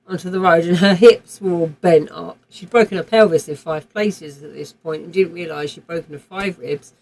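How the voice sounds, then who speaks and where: A woman's voice: fairly low pitch, slight background noise, low-quality recording. A woman, streaming a game while telling a vivid personal story in a rambling way, with swearing and frequent restarts. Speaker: livestream gamer.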